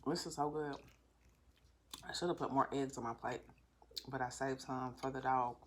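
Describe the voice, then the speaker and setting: A low-pitched woman with a lilt eats and talks at once, murmuring over bites between remarks. Her casual, self-assured chat goes straight to her viewers from a home table, with a camera or phone close in front of her. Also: fairly even intonation, normal speed, slight background noise. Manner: talks with mouth full, chewing and savoring between remarks; candid and self-assured, addressing viewers directly. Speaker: mukbang vlogger. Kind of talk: casual chat while eating.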